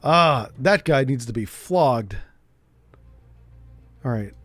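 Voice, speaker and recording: A man streaming a game, chatting casually and joking as he thinks out loud. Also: medium pitch, expressive, takes it slowly, no echo. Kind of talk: casual gameplay commentary.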